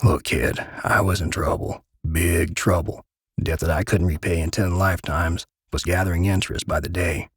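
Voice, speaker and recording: A man's voice: low voice, fairly even intonation, normal speed, breathy edge, no room sound, studio quality. A man voicing a big, guilty middle-aged man who stammers and pleads through tears in a dramatic story reading. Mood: confessing. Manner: stammering, tearful.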